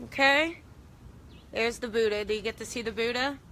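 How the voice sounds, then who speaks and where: A woman's voice: fairly high pitch, normal speed, bright, forceful tone. A woman hosting a casual live stream, chatting upbeat with viewers while she walks from her home out to her backyard garden. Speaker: host.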